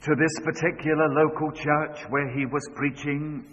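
A man preaching a sermon, moving between loud urgent calls and hushed storytelling. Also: a little high, little pitch movement, moderate pace. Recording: dull sound with long hall reverb.

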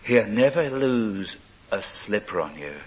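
An older man preaching a sermon, earnest and storytelling, swelling loud for emphasis and dropping low again. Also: very animated, a little slow, slightly rough. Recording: dull lo-fi recording.

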